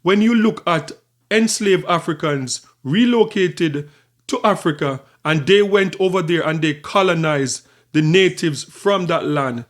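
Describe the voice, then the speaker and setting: A man's voice: on the high side, a little slow. A man hosting his own channel, talking through his thoughts in casual commentary and often repeating and restarting phrases. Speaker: channel host.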